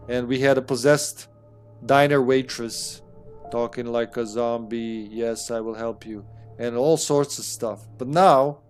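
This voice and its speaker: A man hosting a live game stream from a room at home, greeting his chat by name in a casual, upbeat way with some swearing. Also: mid-range voice. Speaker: streamer and host.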